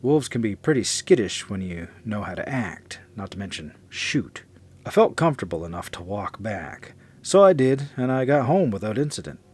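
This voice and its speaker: A man narrating a first-person horror story in a measured, confessional way. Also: fairly low pitch, very animated, husky.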